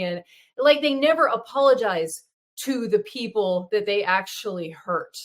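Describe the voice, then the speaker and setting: A woman's voice: medium pitch, unhurried. A woman co-hosting an interview, chatting casually and reflecting on what the guest says. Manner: reflective, quotes others mockingly. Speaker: podcast co-host.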